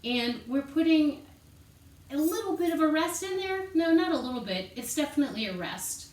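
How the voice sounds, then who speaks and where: A woman's voice: sits high, lively intonation, normal speed, a little mellow. A woman teaching an elementary music lesson, patiently explaining and counting rhythm syllables aloud while she moves. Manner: encouraging, patient teacher talk. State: out of breath. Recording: echoey room, voice from a distance.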